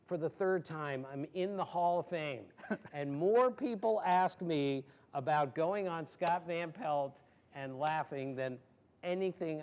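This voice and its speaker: A man in his sixties with a fairly high voice tells stories to an audience in an animated, emphatic way. He laughs easily and leans hard on key words. He is from Maryland. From Maryland, USA. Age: 60s. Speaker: guest sportswriter. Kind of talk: storytelling in an audience Q&A.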